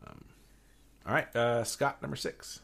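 A man's voice: medium pitch, measured pace, creaky, husky. A man co-hosting a casual movie podcast, telling stories animatedly and laughing as he talks. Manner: animated storyteller, laughs while talking. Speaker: podcast co-host.

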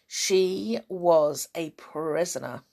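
Slow, expressive woman storyteller. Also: on the low side, gravelly. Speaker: narrator. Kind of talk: storybook read-aloud.

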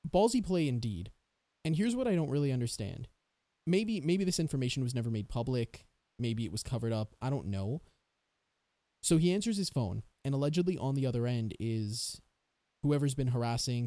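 A man's voice: medium pitch, animated, brisk, mellow, soft background music. A man hosting a casual true-crime podcast, rambling and sarcastic as he thinks aloud. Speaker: podcast host.

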